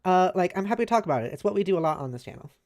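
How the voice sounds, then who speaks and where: An American woman streaming, chatting casually with viewers; she talks fast, slurs her words a little and fills her speech with "like". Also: fairly low pitch, expressive, a little mellow. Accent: American, maybe New England. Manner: reassuring, chatty, lots of "like" fillers. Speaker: streamer reading a webcomic aloud.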